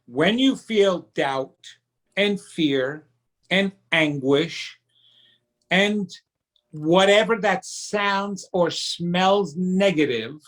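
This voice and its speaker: Slow, high-voiced man explaining earnestly. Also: fairly bright tone. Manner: emphatic, teaching tone, acts out childish voices. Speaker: psychic medium guest. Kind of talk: conversational interview answers.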